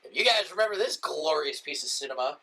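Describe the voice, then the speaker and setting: A man co-hosting a loose movie podcast, his voice sitting a bit high and swinging widely as he rants. He swears freely and mocks plots by acting them out in sarcastic asides. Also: fast talker, husky, rough recording. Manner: animated, swearing, mocking retellings. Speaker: podcast co-host. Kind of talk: casual podcast chat about movies.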